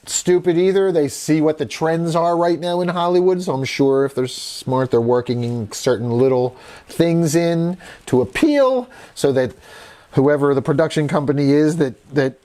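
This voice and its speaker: A man hosting a live horror news stream at a middle pitch. He rambles casually and laughs easily, breaking off to greet viewers in the chat by name. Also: darkish tone.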